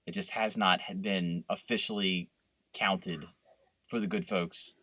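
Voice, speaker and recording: Bright-voiced man riffing on a podcast. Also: low-pitched, measured pace, no room sound. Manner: riffing, profane, animated rants. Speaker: podcast co-host. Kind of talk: casual podcast banter.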